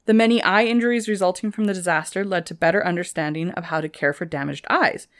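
A woman's voice: on the low side, quick pace. A young woman co-hosting a casual history podcast, talking eagerly about the details she researched. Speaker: podcast co-host.

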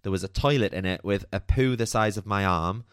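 Man, podcast storyteller, candid and chatty; low, smooth voice, recorded dry and close. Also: brisk, fairly bright tone, dry recording. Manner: chatty and candid, peppered with "like" and mild swearing. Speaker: podcast host. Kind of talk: personal storytelling monologue.

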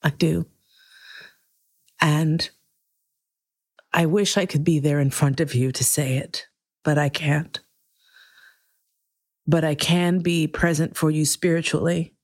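A woman hosting her own podcast, speaking earnestly and emotionally to listeners, with frank, profane warmth. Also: sits low, fairly even intonation, takes it slowly, pauses often, no room sound, clean studio sound. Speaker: podcast host. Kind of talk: heartfelt solo podcast monologue.

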